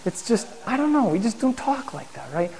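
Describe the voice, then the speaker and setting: A man's voice: very high voice, sing-song, a little fast, a little mellow. A man teaching a congregation in a conversational sermon style, often putting questions to the room. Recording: long hall reverb.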